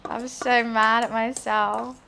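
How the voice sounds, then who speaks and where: A young British woman, a cooking streamer, chats casually while cooking in her home kitchen, rambling with fillers and laughing at herself in a self-deprecating way. Her voice is on the high side, creaky and sharp in tone, level, and slow, with slight background noise.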